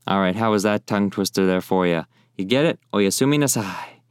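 Casual young male teacher, resonant low voice, patient and chatty. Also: no room sound, studio quality. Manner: friendly, repeats phrases slowly and clearly. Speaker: language teacher. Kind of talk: casual spoken lesson.

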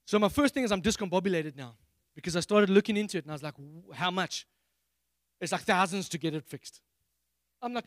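A man from Africa, preaching a sermon on a handheld mic and acting out prayers in a high, excited voice. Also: brisk, no echo. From South Africa. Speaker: pastor.

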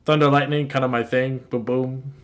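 A man at a middling pitch playing a tabletop game, bluffing his way through in an easygoing, offhand manner. His talk is casual banter, loose and relaxed. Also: moderate pace. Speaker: player.

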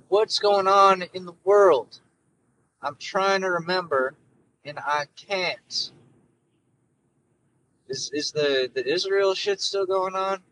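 A man's voice: on the high side, a bit bright, slight background noise, low-quality recording. A man hosting a casual solo podcast from his car, talking in an offhand, rambling way through his phone. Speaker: podcast host. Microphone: phone through car system.

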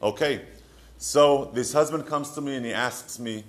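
A man's voice: mid-range voice, moderate pace. A middle-aged man with an Israeli accent giving a short, conversational advice talk, asking rhetorical questions with light humor. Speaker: marriage counselor.

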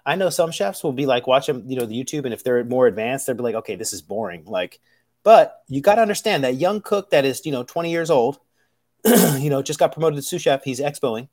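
A male chef rants casually to camera, looping through fillers and restarts as he swears his way through his points. His pitch sits in the middle of the range, and he acts out kitchen conversations in quick quoted voices. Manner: animated, rambling, profane, many fillers and restarts. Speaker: professional chef.

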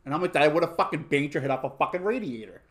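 A man's voice: on the high side, animated, rapid-fire. A young man hosting a podcast, telling crude stories in casual chat, full of swearing and fillers. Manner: crude, profane storytelling with lots of fillers. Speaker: podcast host.

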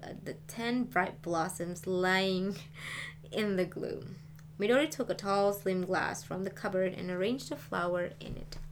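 Lady reading a novel, calm and measured, middle pitch, faint hum behind. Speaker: reader.

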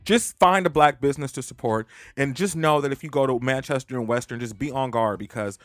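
A man's voice: fairly quick, no echo, studio quality, soft background music. A man hosting a podcast and telling a long story casually, frank and profane, laughing as he talks. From Los Angeles. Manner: animated, swings into loud high-pitched quoted voices. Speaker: podcast host.

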